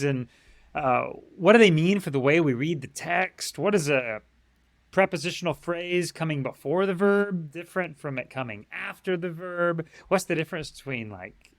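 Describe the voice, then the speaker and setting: A man's voice: on the high side, fairly bright tone, dry recording. A man in his thirties, a Greek teacher, chatting casually and eagerly in an interview, with many fillers and bursts of speed. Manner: enthusiastic, talks fast in bursts with many fillers.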